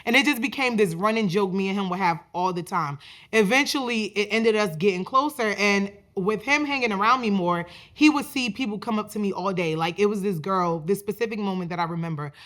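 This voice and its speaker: A woman in her twenties hosting a podcast, telling a personal story in a chatty, animated way, full of "like". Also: medium pitch, a little fast. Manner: chatty, animated, many fillers like "like". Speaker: podcast host. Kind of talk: casual storytelling monologue.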